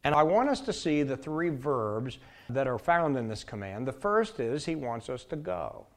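Guy preaching a sermon, emphatic, goes loud then quiet, keeps repeating his points. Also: mid-range voice, sing-song, moderate pace.

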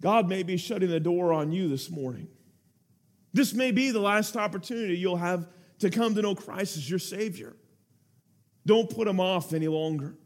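A man's voice: high voice, normal speed. A man preaching a sermon, telling a story with earnest feeling and building to urgent appeals to his listeners.

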